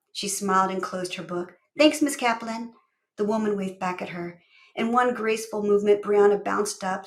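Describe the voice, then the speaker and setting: Woman author reading aloud. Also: medium pitch. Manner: expressive storytelling. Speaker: author reading her own book. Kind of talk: audiobook-style narration.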